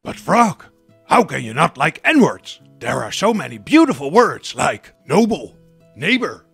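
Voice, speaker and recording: An earnest cartoon teacher lectures in a gravelly, sing-song voice. His pitch swings wildly from phrase to phrase over faint background music. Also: very animated, unhurried, fairly bright tone, no echo, heavily acted.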